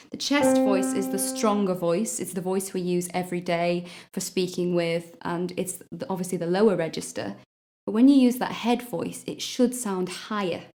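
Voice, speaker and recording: Patient woman teaching singing. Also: medium pitch. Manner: patient, explanatory, demonstrates by singing. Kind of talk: vocal lesson.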